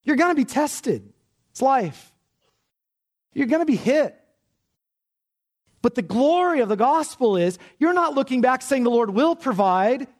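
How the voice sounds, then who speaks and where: A man preaching a sermon with great passion, dropping to a hush and then rising to loud, urgent cries. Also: very high-pitched, sing-song, unhurried, pauses often. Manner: impassioned, swinging from hushed to loud. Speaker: pastor.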